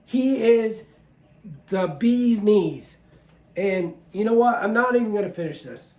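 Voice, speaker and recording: A man's voice: high-pitched, expressive, unhurried, a little mellow, roomy sound. A man talking casually to camera as a farmer, speaking earnestly and openly about his feelings. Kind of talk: casual vlog talk to camera.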